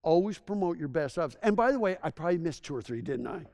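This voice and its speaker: A man's voice: on the high side, lively intonation, quick pace, a little mellow. A man giving a public presentation to a town as a tourism consultant, telling stories in an enthusiastic, conversational way and often restarting his sentences.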